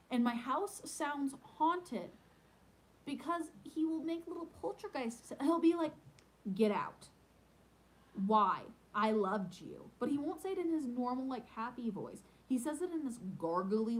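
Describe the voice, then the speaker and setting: A woman with a fairly high voice talks casually to her viewers. She rambles along with frequent ums. She grows animated and playful as she tells her stories. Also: unhurried, poor audio. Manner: animated and playful when telling pet stories. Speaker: homestead vlogger answering viewer questions. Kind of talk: casual chat.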